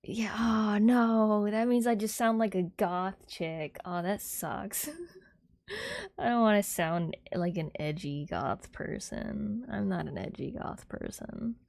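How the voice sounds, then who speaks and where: A young woman livestreamer chatting casually with viewers in a soft, airy, giggly way, rambling with lots of fillers. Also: medium pitch, expressive, takes it slowly, creaky, no echo.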